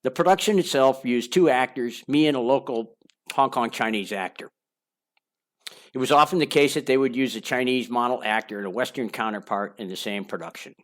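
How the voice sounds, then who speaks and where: A man's voice: mid-range voice, brisk. An older man narrating his own memoir aloud in a candid, confessional way, with wandering asides and small repeats. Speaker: memoir author reading his own book.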